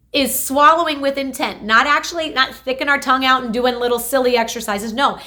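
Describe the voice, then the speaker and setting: A young adult woman, a speech therapist, giving an energetic, emphatic explanation in an instructional health video. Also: sits high.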